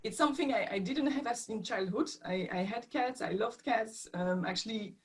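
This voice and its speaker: A woman's voice: fairly high pitch, moderate pace, rough recording. Hesitant woman with a French accent. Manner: hesitant, searching for words with many fillers. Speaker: session participant. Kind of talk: casual group video call.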